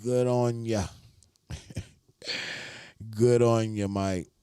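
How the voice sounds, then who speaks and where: A man's voice: on the low side, steady tone, drawn-out words, dark tone, clean tone, no echo, studio quality. A man voicing a blunt, rude Australian phone customer in a put-on Australian accent, brusque and mocking. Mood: playful.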